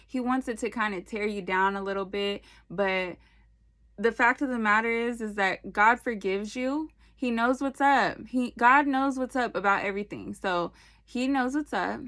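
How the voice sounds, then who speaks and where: A woman giving a casual, animated faith talk into her phone, preachy and slangy with playful asides. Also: medium pitch, moderate pace. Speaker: faith video host.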